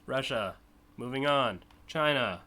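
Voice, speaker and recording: A young American man hosts a community car contest on a live stream, giving loose, rambling commentary. His bright, forward voice sits at an ordinary mid pitch, dotted with "uh," "like" and short laughs.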